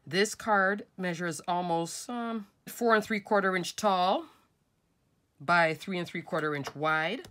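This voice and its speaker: A woman's voice: fairly low pitch, slow pace, fairly bright tone. Nasal-sounding woman teaching a craft. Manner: chatty, addresses viewers as folks and crafters. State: nasal from a cold. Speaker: craft tutorial host. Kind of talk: casual step-by-step craft tutorial.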